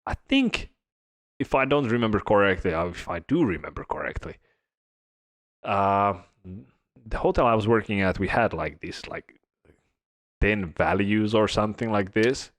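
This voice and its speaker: A man's voice: lowish voice, normal speed, long pauses. A man co-hosting a casual hospitality podcast, teasing and joking about hotel work. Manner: animated, teasing, playful. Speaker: podcast co-host, former hotel worker.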